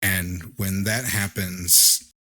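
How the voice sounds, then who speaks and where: Low slow-talking game master man. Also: no echo. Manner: relaxed, halting narration with many fillers. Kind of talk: narrating a tabletop horror game.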